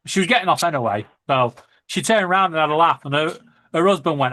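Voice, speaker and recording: A man's voice: a little high, fast talker, bright, forceful tone. A man with a Lancashire accent, chatting casually and telling jokey, sweary stories. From Lancashire, England. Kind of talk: casual chat.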